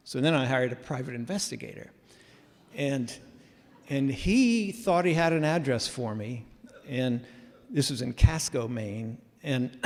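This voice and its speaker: A man telling a story live in a casual, animated way with self-mocking humor, heard in a reverberant hall. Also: medium pitch.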